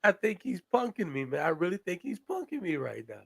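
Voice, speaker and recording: A man's voice: sits high, wildly swooping pitch, a little fast, creaky, husky, no room sound. A man co-hosting a casual live-stream talk show, laughing often and sounding incredulous. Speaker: co-host and coach.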